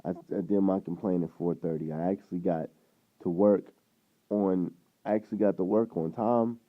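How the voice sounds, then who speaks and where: A man's voice: sits low, normal speed. Man telling a rambling story, tinny sound. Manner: rambling, animated retelling with quoted dialogue. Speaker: vlogger. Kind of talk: casual storytelling to camera.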